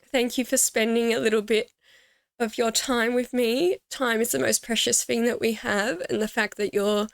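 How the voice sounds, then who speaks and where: Woman gaming host, emotional and teary, slightly high voice with vocal fry, dry close sound. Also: no room sound. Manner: emotional, teary, grateful, with soft laughs. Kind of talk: heartfelt casual talk to camera.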